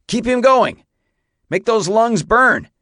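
A man's voice: medium pitch, normal speed, no echo, clean studio sound, close to an everyday voice. A man voicing a weathered older horseman, barking commands at a rider and then talking him through it plainly and firmly. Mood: urgent shouting. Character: weathered older horseman, stern but caring.

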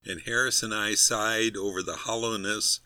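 A man's voice: fairly low pitch, fairly even intonation, moderate pace, sharp tone, clean tone, no echo. A man reading a humorous story aloud in a dry, wry storytelling manner. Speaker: narrator. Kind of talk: scripted narration.

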